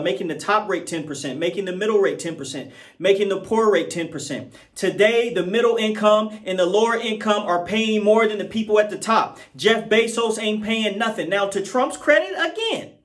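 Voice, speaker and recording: Middle-aged guy, high voice, fired up political vlog rant, keeps asking his viewers questions. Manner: emphatic, argumentative, addresses viewers directly with rhetorical questions. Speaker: political commentator. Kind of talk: political commentary monologue.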